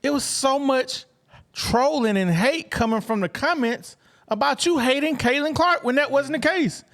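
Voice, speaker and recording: A man from Atlanta co-hosts a casual sports talk show, speaking with a high-pitched voice. He talks in an animated way and repeats words as he restarts his sentences. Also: normal speed. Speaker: podcast co-host.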